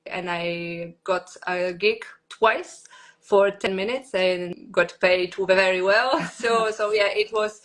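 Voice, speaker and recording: A young woman from Poland with a Polish accent, chatting about her comedy in slow, halting English. She laughs often between thoughts. Her voice sits at an ordinary middle pitch. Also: fairly even intonation. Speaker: stand-up comedian, guest. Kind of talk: casual interview chat.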